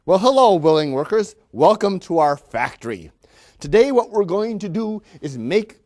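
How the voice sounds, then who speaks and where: A man's voice: high-pitched, big pitch swings, normal speed, darkish tone, pitched above the performer's own voice. A lecturer playing a pompous, condescending factory manager in a classroom role-play, falsely cheerful as he talks down to his workers. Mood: patronizing cheer.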